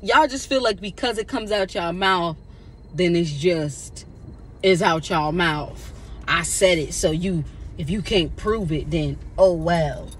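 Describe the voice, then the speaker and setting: A woman's voice: on the low side, a little slow. A woman vlogger venting casually to camera, exasperated and laughing between her lines, in a vehicle. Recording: steady vehicle noise behind.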